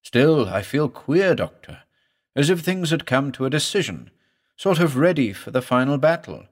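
A man voicing a patient in pain, pleading, strained, raised pitch, lively swings. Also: normal speed. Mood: uneasy. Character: frightened middle-aged male patient in agony.

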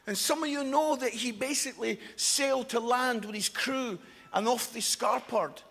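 A man's voice: extremely high pitch, moderate pace, gravelly, a bit bright. A man preaching a sermon, passionate and emphatic, with jokes along the way. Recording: long echoing hall reverb.

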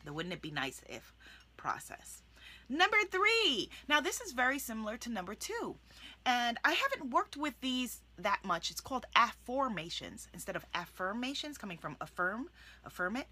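Animated, bright-voiced woman life coach. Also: on the high side, normal speed. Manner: enthusiastic, animated, shifts into soft demonstrative affirmations. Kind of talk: motivational talk to camera. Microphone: video recording for online channel.

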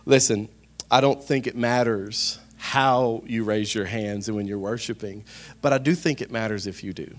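Male pastor, sermon voice, handheld mic; lively, joking, keeps calling out to the room. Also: lowish voice, moderate pace. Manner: animated, playful, calls out to the congregation. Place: church sanctuary. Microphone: handheld microphone.

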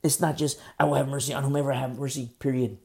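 A man preaching a sermon, earnest, swinging between soft pleading and emphatic outbursts. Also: medium pitch, level tone, fast, gravelly.

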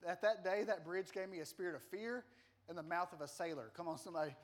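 A man preaches to his congregation, spinning a lively and self-deprecating story with plenty of humor. His voice sits fairly high for a man. He speaks like a pastor used to holding a room. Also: fast. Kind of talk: sermon with personal story.

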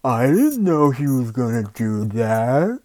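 A man doing a dopey, clueless male voter in a slow, whiny put-on voice. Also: mid-range voice, sing-song, a little mellow.

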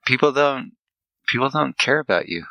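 A young man co-hosting a podcast, speaking calmly in casual chat. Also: mid-range voice, moderate pace, creaky, dry recording, rough recording. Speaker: podcast co-host.

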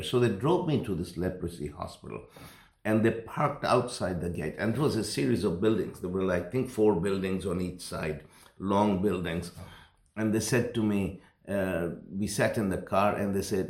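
Male pastor, low gravelly voice, earnest sermon storytelling, roomy echo. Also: measured pace. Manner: earnest, rambling with restarts, rising intensity.

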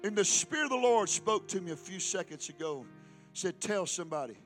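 A man pastor preaching a fiery sermon, often shouting and calling out to the congregation. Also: high-pitched, expressive, fairly quick, faint music behind. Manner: shouting, preaching with rising intensity and call-and-response.

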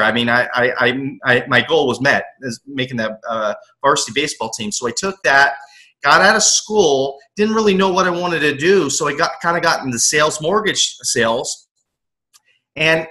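A man's voice: on the high side, bright, forceful tone, rough recording. A man telling his personal story as an interview guest, earnest, acting out his younger self as he recalls it. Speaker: guest, aspiring motivational coach.

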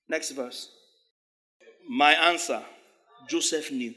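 A man preaching a sermon, animated, laughing often and acting out the voices of biblical figures. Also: on the high side, normal speed, long pauses. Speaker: pastor.

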